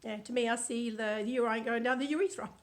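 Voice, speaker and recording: A woman's voice: fairly high pitch, steady tone, brisk. A British woman with a chatty, playful manner, casually reading from her own book and adding commentary. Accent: British English. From United Kingdom.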